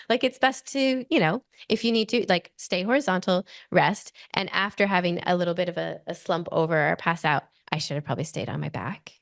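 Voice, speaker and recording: Australian woman in her forties, lower voice. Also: no room sound, studio quality. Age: 40s. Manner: animated, breathless retelling full of "like" fillers. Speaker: podcast guest. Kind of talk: personal storytelling in conversation.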